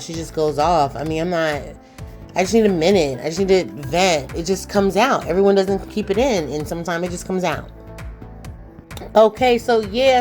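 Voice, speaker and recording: A woman casually reviewing a TV show, ranting in a sassy, animated way with lots of slang. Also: low voice. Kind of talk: casual reaction commentary.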